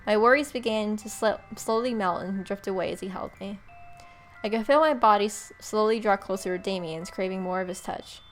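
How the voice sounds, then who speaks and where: A woman's voice: medium pitch, fairly quick, faint music behind. A young woman reading a romance game aloud with expression, breaking off now and then for joking asides. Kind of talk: reading a visual novel aloud with commentary.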